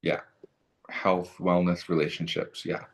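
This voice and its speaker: A man's voice: low-pitched, little pitch movement, measured pace. A man co-hosting a casual tarot chat, agreeable and hesitant with many fillers. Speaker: tarot co-host.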